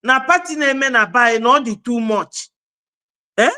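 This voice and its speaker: Nigerian speaker, earnest exhortation, bright sharp tone, repeats points. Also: mid-range voice, moderate pace. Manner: urging, repetitive, rhetorical questions. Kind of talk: earnest exhortation mixing English and Igbo.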